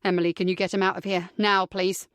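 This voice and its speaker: A woman's voice: lowish voice, level tone, quick pace, dry recording, voice pushed down, close to an everyday voice. A woman voicing an angry young man who gives curt, snarling orders in an audiobook. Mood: urgent. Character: furious young man, commanding and harsh.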